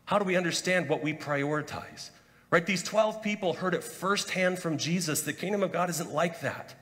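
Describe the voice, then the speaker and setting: Male pastor, conversational sermon, slightly high voice, long reverb tail from the church hall. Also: normal speed. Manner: conversational, animated, acts out quoted voices. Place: church sanctuary.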